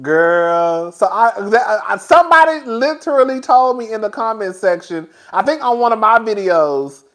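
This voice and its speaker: A man hosting a casual talk stream, animated and sassy, laughing often as he chats. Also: sits high, normal speed, hardly any pauses. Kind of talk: casual commentary chat.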